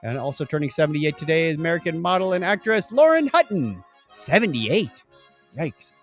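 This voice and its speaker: A man's voice: a little high, big pitch swings, a little fast, faint music behind. A man co-hosting a casual podcast, reading history notes and joking at his own slips. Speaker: podcast co-host.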